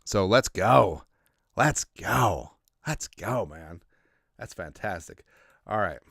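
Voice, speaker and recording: Low-voiced man reading viewer shout-outs. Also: lively intonation, slow pace, creaky, no room sound, studio quality. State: congested, coughing. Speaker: podcast host. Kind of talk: casual livestream chat.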